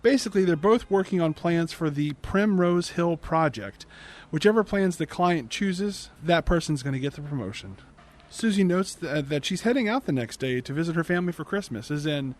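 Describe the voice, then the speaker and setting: Man, podcast host, casual movie recap, slightly higher voice, talks in chatty bursts with frequent restarts. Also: moderate pace.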